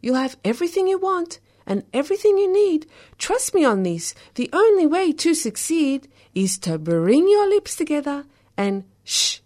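A woman performing a spoken word poem in the voice of a domineering man who keeps scolding and hushing a woman. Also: sits high, very animated, moderate pace, few pauses, pitched above the performer's own voice. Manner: scolding, repeated hushing commands.

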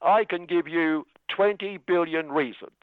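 A man's voice: fairly high pitch, a little slow, clean tone, dry recording, voice pushed up, natural voice. A man voicing an evasive, smug company executive. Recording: tinny phone-like radio sound.

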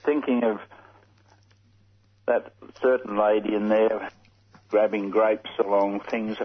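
A man's voice: on the low side, fairly even intonation, slow. A man calling a radio gardening show, jokey and rambling. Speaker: caller. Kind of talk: talkback radio call. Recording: dull radio call with faint noise.

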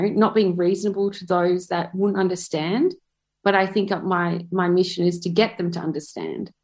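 A woman in her thirties from Perth with an Australian accent. She tells her own story in a chatty, reflective way and often says "like". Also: medium pitch. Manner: chatty, with many filler "like"s. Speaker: photographer and activist.

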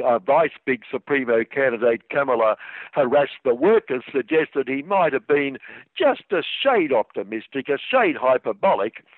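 A man's voice: mid-range voice, no echo. A man delivering scripted satirical commentary on the radio, with a dry, sarcastic manner. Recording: tinny phone-like radio sound.

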